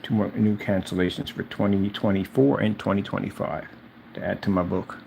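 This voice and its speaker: Gravelly, taunting low-voiced man. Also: flat delivery, a little fast, darkish tone, slight background noise. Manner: mocking, confrontational, repeats jabs. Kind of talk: taunting rant addressed to someone absent.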